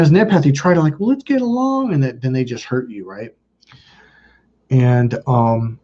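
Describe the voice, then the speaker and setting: A man's voice: mid-range voice, mellow, slightly rough. A man in his thirties hosting a livestream, telling a personal story to his chat in a rambling, blunt way, swearing freely. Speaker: livestream host. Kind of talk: casual storytelling to a live chat. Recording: muffled lo-fi stream audio.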